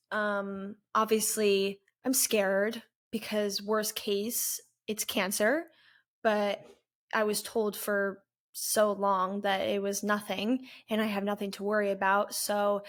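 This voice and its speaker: A woman in her twenties, a vlogger, candidly recounting a personal story in an earnest, halting way with pauses. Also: medium pitch. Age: 20s.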